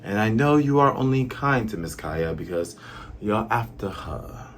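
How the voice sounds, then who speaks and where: A man voicing a cold, scheming male butler who talks low, hushed and slow. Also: animated, slight background noise. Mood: scornful.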